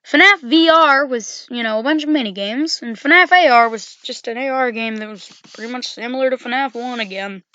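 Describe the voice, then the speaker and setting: Woman, casual rambling game commentator, bright tone, dull dry home recording. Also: a little high, normal speed, few pauses, no room sound. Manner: rambling, full of "you know" and self-corrections.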